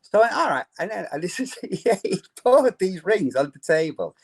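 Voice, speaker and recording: A man's voice: high voice, normal speed, breathy edge. A Yorkshire man in his fifties, a former footballer, telling anecdotes and acting out the dialogue with laughs. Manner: animated, laughing, acts out dialogue. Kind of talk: anecdotal storytelling.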